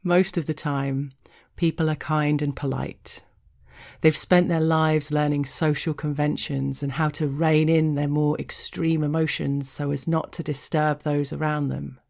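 A woman narrating an explicit erotic story in a frank, unhurried way, sometimes dropping into a whisper. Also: sits low, flat delivery, vocal fry, darkish tone.

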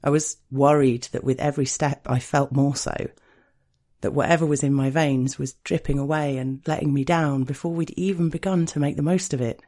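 A man reading a first-person erotic story in a slow, intimate, hushed way. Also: a little high, steady tone. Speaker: narrator.

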